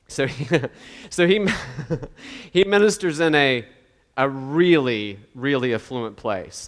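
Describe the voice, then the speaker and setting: A man's voice: mid-range voice, long reverb tail. A man preaching a sermon in a conversational way, now and then acting out the voices of the people he quotes. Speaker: pastor.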